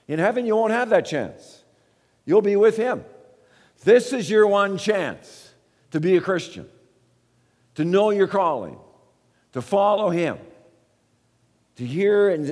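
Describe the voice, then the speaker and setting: A man, preaching a sermon as a pastor, earnest and repeating words as he builds each point. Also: fairly high pitch. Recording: long reverb of a large hall.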